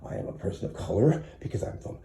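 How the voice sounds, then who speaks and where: A man's voice: fast, mellow. An American man in his small bedroom, filming an angry vlog rant on his phone, agitated and profane, with stammering restarts. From United States. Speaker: tenant filming a complaint video. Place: small apartment bedroom, indoors.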